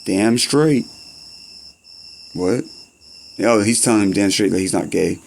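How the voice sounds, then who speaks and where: A man's voice: lowish voice, slow, creaky, a little mellow, slight background noise. A young man in rambling, profane comedy-skit banter, full of slang and back-and-forth.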